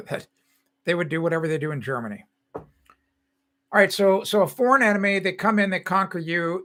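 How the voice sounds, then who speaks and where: A man in his sixties from the United States, hosting a live stream with a bright, forceful voice that sits a little high for a man. He rambles casually and breaks off to answer chat comments.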